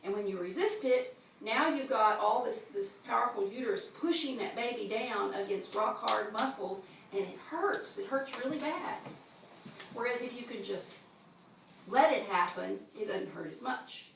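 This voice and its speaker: A woman's voice: fairly high pitch, lively intonation, normal speed, creaky, noisy background. A woman teaching a childbirth class in a practical way, showing the moves as she explains them. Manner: practical, demonstrating with gestures. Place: classroom at a birth center. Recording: echoey room, mic far off.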